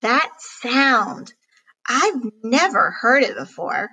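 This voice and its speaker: A woman's voice: a little high, big pitch swings, takes it slowly, sharp tone, slightly rough, heavily acted, rough recording. A woman voicing a bold female spaceship captain in a children's story, speaking in an alert, urgent way.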